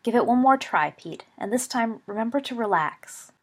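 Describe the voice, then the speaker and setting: A woman voicing a gentle, patient teenage boy wizard encouraging a friend in a storybook reading. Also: fairly high pitch, expressive, moderate pace, pitched above the performer's own voice. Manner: gentle, reassuring.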